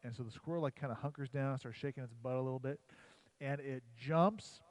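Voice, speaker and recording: A man's voice: medium pitch, brisk, darkish tone, no room sound, poor audio. A man with a mid-range voice tells a hunting story and a joke on a church livestream, chatty and rambling. He leans on filler words as he goes. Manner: rambling, uses "like" often, chatty. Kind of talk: casual storytelling and joke-telling.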